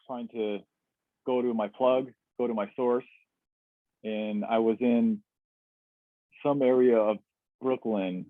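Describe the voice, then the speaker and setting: A man with a mid-range voice tells his own story, candid and reflective, pausing on fillers and restarting his sentences. The sound is tinny and phone-like, completely dry, captured over a video call. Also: mid-range voice, no room sound. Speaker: webinar guest. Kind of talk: personal storytelling. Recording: tinny dry webinar audio.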